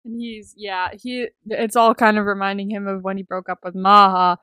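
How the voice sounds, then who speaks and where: A young woman co-hosting a podcast, chatting casually about a TV episode, reacting quickly, laughing often and swearing. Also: mid-range voice, level tone, sharp tone, clean tone, no room sound, clean studio sound. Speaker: podcast co-host. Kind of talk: casual recap chat.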